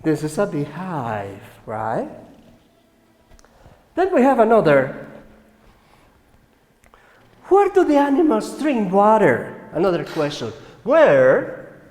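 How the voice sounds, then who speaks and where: A man with a Colombian Spanish accent, a native Spanish speaker, teaching a slow classroom English lesson and often checking with "right?". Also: high voice, huge pitch swings, a little mellow. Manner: slow, repeats words and asks "right?". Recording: echoey room with long reverb.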